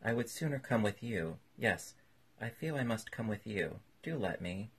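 A man reading aloud and voicing an eager, earnest young gentleman who pleads. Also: on the low side, animated, moderate pace, breathy edge, full character voice. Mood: pleading.

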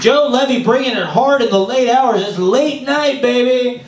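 A man's voice: very high-pitched, normal speed, a little hiss or hum. A man hosting a late-night open mic, brash and hyped as he brings up the next act. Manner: hyped, brash, shouting out acts. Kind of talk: hyped comedy-show emceeing. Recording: roomy live bar room.

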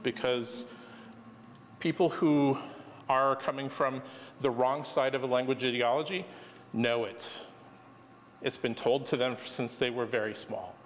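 A man's voice: mid-range voice, fairly even intonation, measured pace, long pauses. Man prof lecturing, dry and wry, long hall reverb, faint hiss. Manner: explanatory, wry. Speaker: professor. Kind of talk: lecture discussion.

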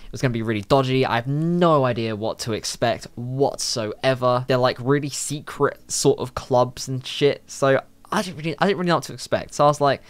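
A young man from telling a story in a casual vlog, animated and full of swearing. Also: medium pitch, smooth. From London. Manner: animated, heavy swearing, quick asides. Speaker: YouTuber.

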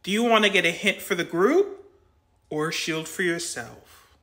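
A woman voicing the host of a toy reality game show, announcing in a drawn-out way. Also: on the low side, fairly bright tone, voice pushed down.

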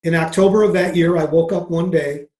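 A man's voice: a little high, steady tone, a little fast, a little mellow. A middle-aged man, a guest on a podcast, earnestly telling a personal story and acting out past conversations. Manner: earnest, re-enacts conversations in quotes. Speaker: podcast guest, mindset coach. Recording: roomy echo.

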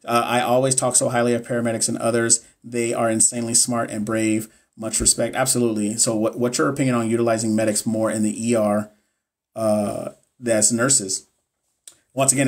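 A man coaching nursing students on a livestream. He reads chat comments aloud and answers viewers by name in a blunt, profane, encouraging way. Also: medium pitch.

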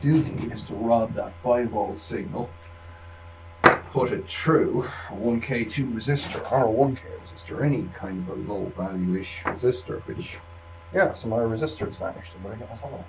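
A man's voice: mid-range voice, moderate pace. A man thinking aloud at a workshop bench, rambling casually with wry asides as he demonstrates electronics work. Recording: distant mic with faint room noise.

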